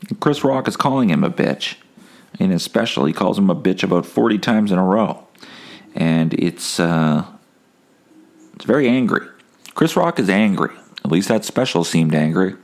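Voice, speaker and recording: Deep gravelly man ranting casually. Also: animated, normal speed. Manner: profane, rambling, wry. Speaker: podcast host. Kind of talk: casual solo podcast rant.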